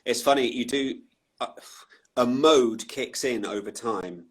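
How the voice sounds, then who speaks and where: A man with a slightly husky, unpolished voice speaks as a guest on an online video call. He talks thoughtfully, circling back and restarting his sentences and slipping in self-deprecating asides. His pitch sits in an ordinary middle range. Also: unhurried. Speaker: voice-over artist, guest. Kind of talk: relaxed conversational interview. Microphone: online live video call.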